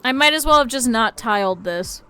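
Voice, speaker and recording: Excitable woman streamer, rambling and bright, slightly high voice, faint music underneath. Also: moderate pace, clean tone. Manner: excitable, rambling, swings to loud outbursts. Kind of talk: casual gaming stream chat.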